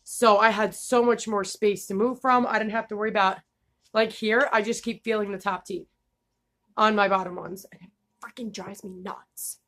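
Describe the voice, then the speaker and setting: A woman's voice: mid-range voice, steady tone, normal speed, a bit bright. A young woman vlogging casually, candid and laughing, swearing freely, with a slight lisp. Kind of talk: casual vlog talk.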